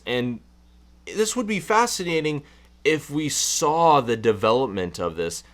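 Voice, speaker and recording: A man's voice: medium pitch, a bit bright. A man co-hosting a casual film review chat, talking with hesitant, stammering restarts. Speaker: podcast co-host.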